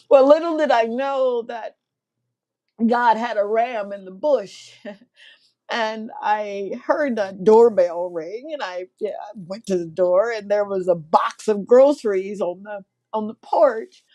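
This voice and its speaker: A woman's voice: fairly high pitch, a little mellow. A middle-aged woman from Mississippi hosting a faith talk show, telling a heartfelt testimony in a preacherly way and laughing often.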